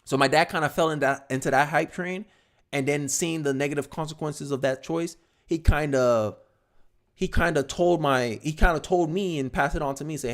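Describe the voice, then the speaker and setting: A young man hosting his own livestream and reacting to clips in casual political commentary. He talks in an animated, excitable way, doubling up words and tossing in quick asides. His voice sits a little high for a man.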